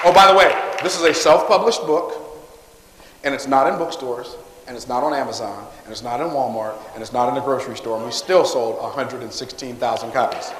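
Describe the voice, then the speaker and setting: A man giving a live motivational talk on stage, calling for responses from the audience and pitching his books. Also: a little fast, noisy background. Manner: energetic call-and-response with the crowd. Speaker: motivational speaker selling books. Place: large hall with live audience. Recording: echoey hall, long reverb.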